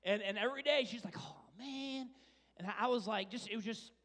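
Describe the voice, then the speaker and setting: A man's voice: high-pitched, rapid-fire, fairly bright tone. A man giving a casual, rambling sermon, telling stories about his life and kids. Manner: rambling, chatty, self-deprecating storyteller. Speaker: preacher. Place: large church hall. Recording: reverberant church hall.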